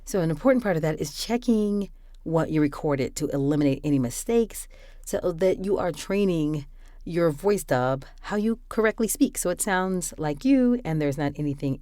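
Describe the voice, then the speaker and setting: Low-voiced woman explaining her home setup. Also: expressive, moderate pace, darkish tone, no room sound. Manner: explanatory, chatty, self-correcting. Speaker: voice actor. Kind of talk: casual screen walkthrough. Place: quiet room at home. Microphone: studio condenser microphone.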